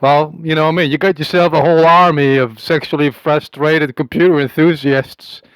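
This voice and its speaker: A man delivering a rambling, halting comic audio message in a put-on accent, with a conspiratorial, self-amused manner. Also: a little high, fairly even intonation, a bit bright, clear, resonant tone, no echo, rough recording. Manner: putting on an unplaced accent. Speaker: comic monologuist.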